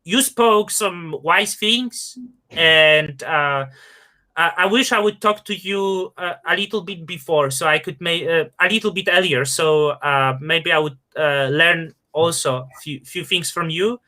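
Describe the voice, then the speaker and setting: A man hosting a casual live-stream chat, talking in halting phrases with many restarts and fillers. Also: on the high side, pushed and bright. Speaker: host.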